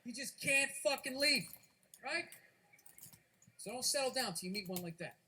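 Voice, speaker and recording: A man's voice: very high-pitched, lively intonation, normal speed, pushed and bright, a little hiss or hum. Profane, ranting male comedian. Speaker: stand-up comedian. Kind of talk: stand-up comedy. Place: comedy stage.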